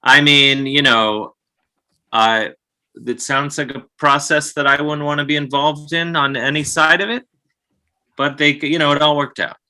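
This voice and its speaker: A man's voice: on the high side, fairly even intonation, measured pace, sharp tone. A male talk show host who chats with his guests and reads out viewer questions. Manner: chatty, reacts with short interjections and reads viewer questions.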